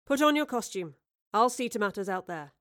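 A woman voicing a calm, reassuring man who leads a troupe of actors. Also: medium pitch, a little fast, close to an everyday voice. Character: calm, steady man leading a theatre troupe.

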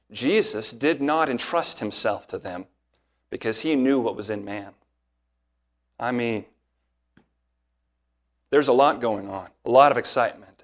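A man preaching an expository sermon as a pastor, earnest and emphatic, slowing down and speeding up to stress key points. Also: mid-range voice.

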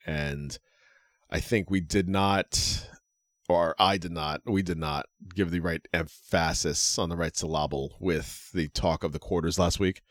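New guy w a really low voice, laughs a lot, talks halting w lots of uhs, dry close mic. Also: steady tone, dry recording. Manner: laughs often, halting with fillers. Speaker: podcast co-host. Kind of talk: casual chat.

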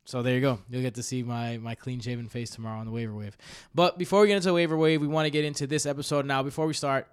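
A man's voice: mid-range voice, fairly even intonation, racing, hardly any pauses, smooth. A young man hosting a podcast, talking in a loose, chatty way with fillers. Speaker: podcast host. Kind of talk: casual podcast chat.

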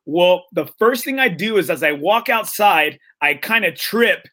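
A man's voice: sits high, animated, measured pace, bright, forceful tone. A man hosting a casual chat, telling a story with many fillers, acting out the quoted lines and often checking in with "right?". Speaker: podcast host.

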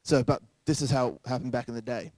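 A man's voice: medium pitch, steady tone, fast, a little mellow, no room sound. A young man preaching a sermon in a casual, joking way, acting out quoted voices along the way. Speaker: pastor.

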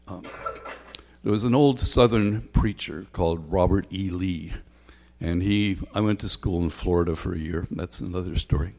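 A man's voice: deep voice, normal speed, creaky, a little mellow. A man preaching a sermon as a pastor, talking conversationally with frequent ums and a repeated refrain. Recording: long hall reverb.

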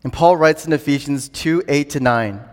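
A man's voice: on the high side, normal speed. A man preaching a sermon earnestly, building to emphatic declarations. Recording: long hall reverb.

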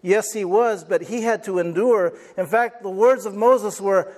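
Male pastor with a high voice, animated, dramatizes quoted voices while preaching. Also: a little slow. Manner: call and response with congregation. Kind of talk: sermon.

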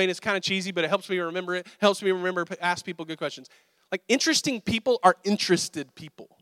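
Male pastor, slightly high voice, dry close sound, chatty storytelling sermon. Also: no room sound. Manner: casual storytelling, animated and conversational.

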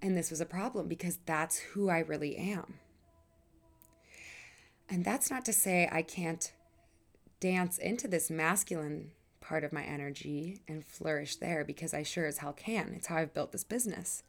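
Here a podcast host delivers a personal monologue in a low-pitched voice at normal speed. She speaks with earnest emphasis, draws her phrases out, lets out the occasional sigh, and curses in a casual way.

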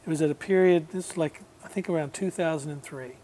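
Chatty man telling a story, fairly high voice. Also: quick pace, a little hiss or hum. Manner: relaxed, rambling, laughs often, mimics voices in anecdotes. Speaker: guest musician. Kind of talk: casual storytelling.

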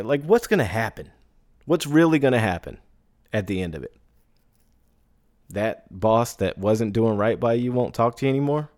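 A man's voice: medium pitch, sing-song, moderate pace, pauses often, a little mellow, dry recording, clean studio sound. A man hosting a podcast who talks casually, often asking "right?" and laughing as he goes. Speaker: podcast host. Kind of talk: casual solo podcast talk.

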